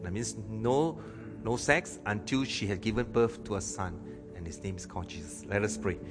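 A man preaching a sermon, swinging between loud emphasis and soft, hushed lines. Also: on the low side, moderate pace, over music. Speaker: pastor. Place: church hall. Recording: long hall reverb.

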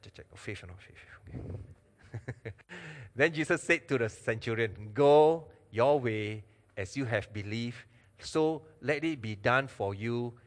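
Animated male preacher in a reverberant hall. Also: medium pitch. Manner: animated preaching, with jokes and questions to the congregation. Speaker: pastor. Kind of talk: sermon.

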